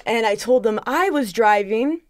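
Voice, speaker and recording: A young woman on a podcast telling a story in casual chat, quoting people back and forth. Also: fairly high pitch. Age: young adult. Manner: animated, quick retelling with many quoted asides. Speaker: podcast guest. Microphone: studio microphone.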